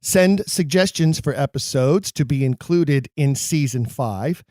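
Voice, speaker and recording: A man's voice: on the high side, expressive, measured pace, warm tone, no echo, clean studio sound. A man hosting a podcast, reading show announcements in an upbeat, promotional way. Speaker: podcast host.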